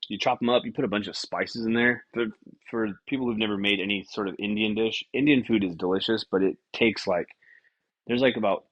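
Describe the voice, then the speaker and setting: A man's voice: fairly low pitch, no echo, dull audio. A man hosting a solo podcast, rambling casually with frequent swearing and tangents. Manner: casual, profane, scattered and self-interrupting. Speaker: podcast host.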